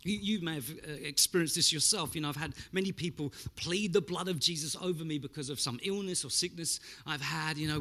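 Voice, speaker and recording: A man's voice: a little high, brisk, few pauses. A man preaching a Pentecostal sermon, telling stories with animation and sound effects. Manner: animated storyteller, mimics spray sounds. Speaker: pastor.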